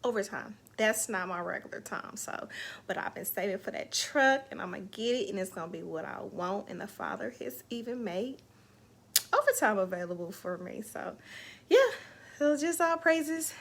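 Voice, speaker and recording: Bright, emotional woman hosting a livestream. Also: medium pitch, animated, moderate pace, vocal fry. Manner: emotional, heartfelt, faith-filled talk. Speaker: host of an online live show. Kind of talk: casual livestream chat.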